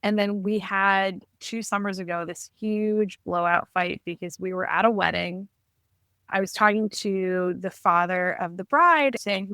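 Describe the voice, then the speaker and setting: A woman of middle pitch speaks as a podcast guest, recounting her family history with lively, animated delivery. Her voice sits close and dry on the mic with no room around it. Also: a little slow, clear, resonant tone, dry recording. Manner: animated, acts out quoted dialogue. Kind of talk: conversational storytelling.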